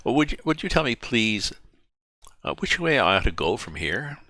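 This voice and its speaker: A man's voice: medium pitch, very animated, moderate pace, sharp tone, no echo, pitched above the performer's own voice. A man voicing a polite, curious young girl in a storybook reading, asking timid questions in a raised voice.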